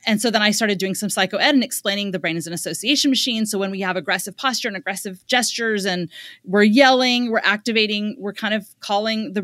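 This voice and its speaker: A woman guest on a podcast telling a story about a client in a lively, conversational way, acting out the quotes as she goes. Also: mid-range voice, no room sound. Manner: animated, quotes others in lively asides. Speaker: guest parenting expert.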